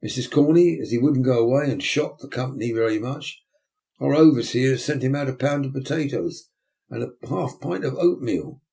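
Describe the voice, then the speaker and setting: A man's voice: mid-range voice, warm tone, natural voice. A man voicing a pompous, self-important male parish beadle, blustering and indignant.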